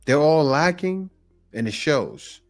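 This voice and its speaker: A man hosting a reaction video, giving lively, mocking commentary on clips and repeating himself as he builds a point. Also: a little high, slow, faint music behind.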